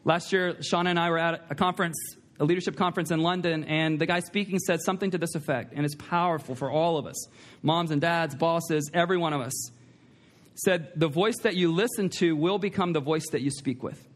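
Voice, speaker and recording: A man with a high voice preaching a sermon in a church. He speaks emphatically, repeats his key lines and puts questions to the congregation. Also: a little fast. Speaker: pastor. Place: church sanctuary.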